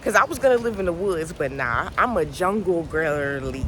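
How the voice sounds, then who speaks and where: A woman's voice: on the low side, lively intonation, normal speed, background noise. A woman talking casually to camera in a rambling, preachy, slangy way, outdoors near farm animals. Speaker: vlogger.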